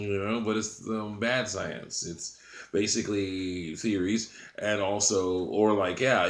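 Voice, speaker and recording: A channel host with a deep but slightly bright voice rambles casually through a monologue, chuckling often between sentences. His low voice carries a roomy echo, as if recorded in a bare room.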